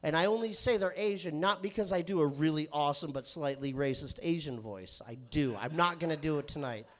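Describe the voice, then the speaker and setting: A man doing a crude, rambling stand-up set on a comedy club stage, sometimes bursting into shouting. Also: on the high side, a little fast. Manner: crude, rambling, self-interrupting.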